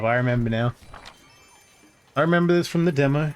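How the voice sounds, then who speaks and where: A man's voice: medium pitch, fairly quick, clear, resonant tone. A male streamer giving casual commentary while playing a game, with joking, sarcastic asides.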